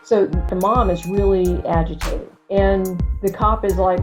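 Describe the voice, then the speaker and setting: A woman's voice: mid-range voice, moderate pace, hardly any pauses, over music. A woman hosting a podcast conversation, retelling events at length and acting out the quoted voices as she goes. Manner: animated storytelling, acts out quoted voices. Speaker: podcast host. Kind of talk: casual conversation.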